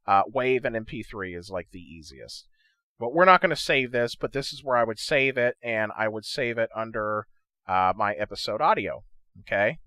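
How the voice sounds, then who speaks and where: A man's voice: medium pitch, bright, forceful tone, dry recording. A man hosting a gaming channel who walks through audio editing in a casual, chatty tutorial and keeps checking in with the viewer. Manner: loose and chatty, checks in with "okay?" and "right?". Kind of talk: casual screen-recorded tutorial.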